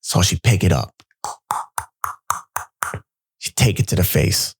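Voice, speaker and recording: A young man telling a personal story in a casual, animated way, jumping into his friends' voices when he quotes them. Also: low-pitched, slow pace, vocal fry, faint music behind.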